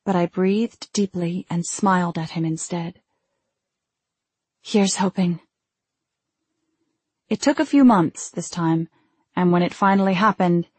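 Female audiobook narrator, lowish husky voice, measured first-person reading, dry close sound. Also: a little mellow, dry recording.

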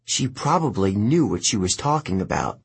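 Husky, lively male audiobook narrator. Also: lowish voice, moderate pace. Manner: expressive, lively storytelling.

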